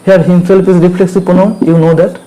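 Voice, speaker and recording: A man with an Indian English accent teaching English grammar, repeating each point and asking "clear?" to check understanding. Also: high voice, level tone, brisk, warm tone, rough recording. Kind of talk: slow classroom explanation.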